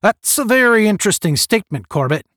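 Sarcastic space-cadet captain, read by a man, deep, clipped and lively in pitch, bone-dry sound. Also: fast, dry recording. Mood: stern. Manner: barking, clipped commands. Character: stern male space academy captain, cold and sarcastic.

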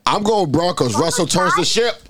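A man co-hosting a sports podcast, talking loud and profane, joking and slipping into voices and sing-song. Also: high-pitched, lively intonation, moderate pace, slightly rough, no room sound, studio quality. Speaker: podcast co-host. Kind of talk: profane casual sports chat.

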